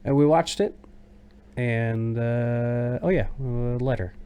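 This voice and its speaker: A man's voice: mid-range voice, slow pace, dark tone, clean tone. Easygoing American man musing aloud. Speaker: podcast co-host. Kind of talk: casual podcast chat.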